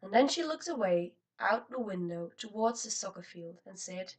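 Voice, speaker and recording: A woman reading a novel aloud as an audiobook narrator, in an expressive, steady style. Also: on the low side, normal speed, hardly any pauses, far from the mic, rough recording. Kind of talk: scripted narration.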